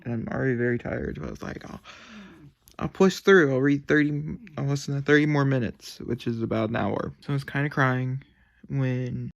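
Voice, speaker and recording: A man's voice: medium pitch, creaky. A young man rambling emotionally about a novel in a casual reading vlog from his bedroom at night, swearing freely. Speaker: book vlogger.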